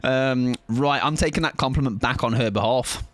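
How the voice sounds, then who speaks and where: A man's voice: medium pitch, moderate pace, a bit bright. A man chatting casually on a live gaming stream, rambling and laughing often.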